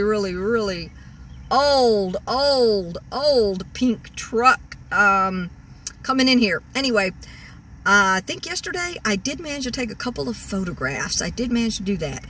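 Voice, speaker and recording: A woman's voice: medium pitch, animated, measured pace, fairly bright tone, distant mic, a little hiss or hum. A woman in her sixties vlogging from her parked vehicle, rambling on with many restarts and repeated words. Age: 60s. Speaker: car-camping vlogger. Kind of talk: rambling vlog rant. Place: parked vehicle in a store parking lot.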